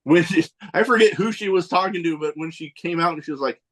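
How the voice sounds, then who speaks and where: A man co-hosting a casual podcast chat, animated and swearing freely, a little out of breath. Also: on the high side. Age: adult with nieces and nephew. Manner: animated, swearing, quick asides. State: a little winded. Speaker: podcast co-host.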